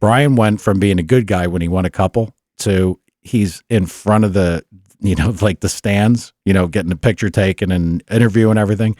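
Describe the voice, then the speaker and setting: Casting: male podcast co-host, low-pitched, animated storyteller, dry close mic. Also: moderate pace, dry recording. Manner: animated storyteller, laughs often, acts out quotes. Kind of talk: casual storytelling chat.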